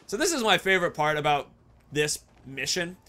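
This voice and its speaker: A man's voice: fairly high pitch, sing-song, moderate pace, pushed and bright. A man casually commenting over gameplay, chatty and jokey. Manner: chatty, jokey, laughs often.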